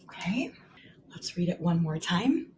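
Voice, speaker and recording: A woman teacher modeling writing for young children, slowly and clearly sounding out each word and leading the class to repeat. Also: on the low side, sing-song, a little mellow, a little hiss or hum. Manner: slow, exaggerated sounding out of words.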